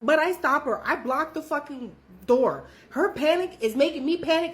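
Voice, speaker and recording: A woman telling a story in a casual, profane, animated way, with her voice jumping up when she quotes people. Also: moderate pace. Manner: animated, profane, jumps high when quoting others.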